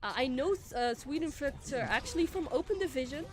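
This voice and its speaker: A woman's voice: high-pitched, lively intonation, fairly quick. A woman co-casting an esports match in a chatty, casual way, with many fillers and frequent laughs. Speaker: esports co-caster.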